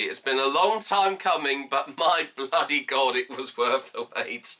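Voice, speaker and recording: A man's voice: mid-range voice, unhurried, few pauses, sharp tone. A young man hosting a fan stream, gushing and laughing often as he wraps up. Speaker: fan host of a themed stream. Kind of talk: casual emotional fan commentary.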